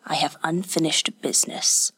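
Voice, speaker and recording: A woman voicing a bitter young man set on revenge, in a hoarse, croaking near-whisper. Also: sits low, fairly even intonation, moderate pace, a bit bright. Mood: grim, low.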